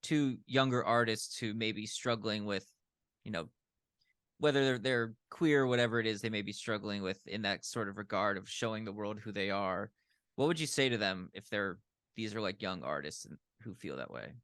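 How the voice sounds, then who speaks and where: A man interviewing a guest, asking questions in a gentle, thoughtful way and searching for words as he goes. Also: fairly low pitch, normal speed, clear, resonant tone, no echo, clean studio sound.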